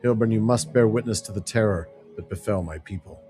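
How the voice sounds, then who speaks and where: A man's voice: fairly low pitch, fairly quick, faint music behind, lightly acted. A man voicing a grief-maddened, vengeful warrior who speaks bitterly and accusingly in a fantasy game. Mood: grave. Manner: bitter, accusing, bursts into shouting.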